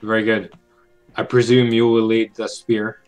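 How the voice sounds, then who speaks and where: A man's voice: lowish voice, level tone, a little mellow, faint music behind, lightly acted. A man voicing a composed, formal male starship captain speaking over the comms in a tabletop game. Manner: measured, formal.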